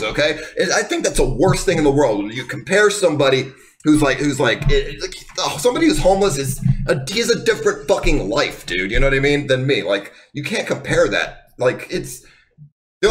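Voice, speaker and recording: A man's voice: medium pitch, fairly bright tone. Profane ranting young man. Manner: profane, defensive, heated; rambling with many restarts. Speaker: live streamer. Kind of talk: unscripted rant to viewers.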